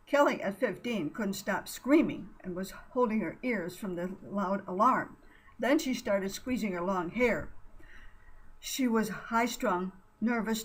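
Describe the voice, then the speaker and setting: A woman narrating an adventure storybook at a middling pitch. Her reading is expressive but sometimes stumbles over words and corrects itself. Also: breathy edge, low-quality recording.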